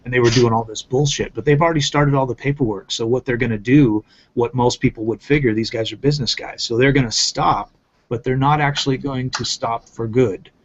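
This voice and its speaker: A man's voice: mid-range voice, fairly even intonation, fairly quick, slight background noise. A man ranting in casual commentary, swearing often and repeating himself for emphasis. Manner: profane, emphatic, repetitive ranting. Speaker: channel host. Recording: muffled lo-fi audio.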